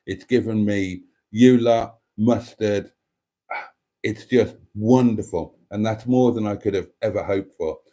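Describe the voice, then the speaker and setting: A man's voice: lowish voice, mellow. A man hosting a live stream, chatting candidly and self-deprecatingly while reading viewer comments.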